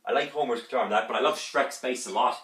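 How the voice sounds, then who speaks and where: A man's voice: mid-range voice, quick pace, a bit bright, a little hiss or hum. A man giving a rambling, enthusiastic music review during an unboxing, humming instrument parts along the way. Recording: roomy echo, distant from the mic.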